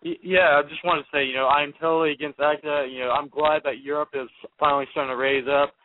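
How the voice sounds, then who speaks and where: A man's voice: a little high, steady tone, fast, no room sound. Rambling hesitant male caller. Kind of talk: call-in radio talk. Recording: tinny phone line.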